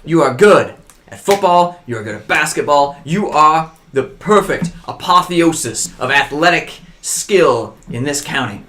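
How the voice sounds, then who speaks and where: A man's voice: fairly high pitch, expressive, a little slow, sharp tone, slight background noise. A man voicing a pompous, blustering small-town mayor and father with a put-on Southern drawl. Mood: grandiose.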